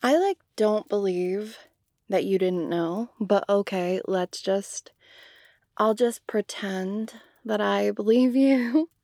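A woman's voice: medium pitch, takes it slowly, mellow, no room sound, studio quality. A young woman performing an audio role-play to the listener, talking casually and giggly, with lots of "like".

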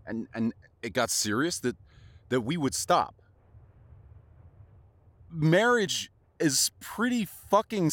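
A man's voice: medium pitch, no echo. A man playing a jealous young secret lover in an audio role-play, swearing and stumbling over repeated words. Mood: hurt. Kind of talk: audio role-play addressed to a silent listener.

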